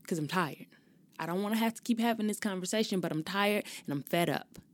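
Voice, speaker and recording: A woman's voice: medium pitch, a little fast. A young adult woman hosting her own podcast, talking casually and expressively, ranting and cursing freely. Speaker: podcast host. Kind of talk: casual solo talk.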